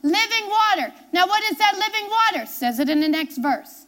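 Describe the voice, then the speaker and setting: A woman's voice: extremely high pitch, animated, moderate pace, fairly bright tone. A woman pastor preaching a sermon, reading scripture aloud and driving points home with repetition and questions to the congregation. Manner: emphatic, repeats key phrases, asks the congregation questions.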